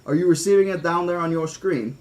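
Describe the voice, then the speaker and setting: A man's voice: fairly high pitch, fairly quick, a little mellow, lightly acted. Eager old park boss, a guy reading him out in a storybook read, pretty plain. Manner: plain read dialogue, hardly acted. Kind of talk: reading a novel aloud.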